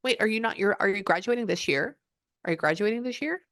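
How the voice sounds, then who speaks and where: A woman's voice: medium pitch, fast, a bit bright, no echo, clean studio sound. A woman psychic medium giving a client reading, chatting and often quoting the spirit's messages.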